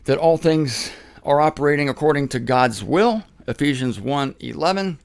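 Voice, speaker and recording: A man giving a casual spoken Bible teaching, animated, repeating phrases for emphasis. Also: a little high, normal speed, creaky.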